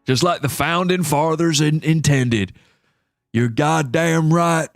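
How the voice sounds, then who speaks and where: A man's voice: fairly high pitch, takes it slowly, vocal fry, dry recording, clean studio sound, soft background music, pitched above the performer's own voice. A man putting on a brash American accent as a gun-loving cowboy. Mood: boastful. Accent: American, put on.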